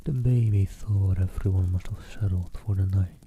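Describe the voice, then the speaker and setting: A man reading a storybook aloud in a soft, half-whispered ASMR style. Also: sits low, fairly even intonation, normal speed, a little hiss or hum. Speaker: storyteller and streamer.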